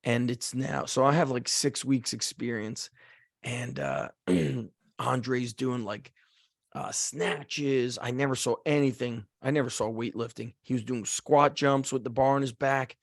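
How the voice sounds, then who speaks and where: A man hosting a podcast, telling a casual story with lots of "like" and acting out the shouted lines of the people in it. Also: medium pitch, unhurried, no room sound, studio quality. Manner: animated storyteller, acts out shouted quotes, frequent "like". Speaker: podcast host.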